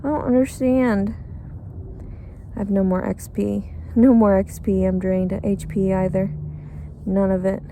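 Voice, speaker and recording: A woman's voice: mid-range voice, level tone, moderate pace, warm tone, a little hiss or hum. A tired, cranky woman rambling in a bitter, crude, profane monologue outdoors. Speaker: pregnant homeless woman.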